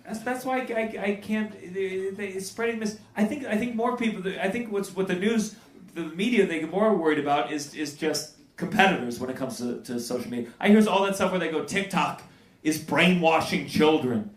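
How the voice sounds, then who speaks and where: A man doing stand-up crowd work, stammering through restarts before loud punchlines. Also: high voice, fairly quick. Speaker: stand-up comedian. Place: live comedy club with audience. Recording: roomy live club, crowd noise. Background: audience laughter.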